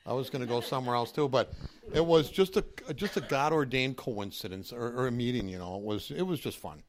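A man's voice: medium pitch, fairly quick. Man telling a rambling testimony. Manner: rambling, animated, with many restarts. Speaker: church group member giving a testimony. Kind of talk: casual storytelling testimony.

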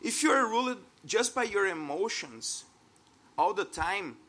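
A man in his thirties speaks with a Brazilian Portuguese accent, his voice high and bright. He preaches a sermon at an unhurried pace, earnest and conversational, and a faint room ambience hangs behind him. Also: expressive. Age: 30s. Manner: earnest, conversational, laughs at himself.

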